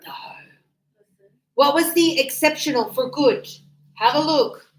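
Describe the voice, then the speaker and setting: Slow, encouraging woman teaching a class. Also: high voice, echoey room, rough recording. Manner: encouraging, checks understanding with tag questions; slow, drawn-out words for teaching. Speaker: English teacher. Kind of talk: classroom grammar lesson.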